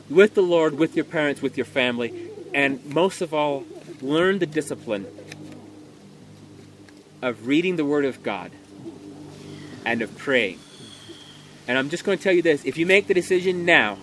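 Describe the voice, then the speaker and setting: A man delivering an earnest, emphatic sermon, speaking loudly so everyone can hear. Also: fairly high pitch, slight background noise. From Montana. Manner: earnest, emphatic, loud to carry in a room. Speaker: preacher.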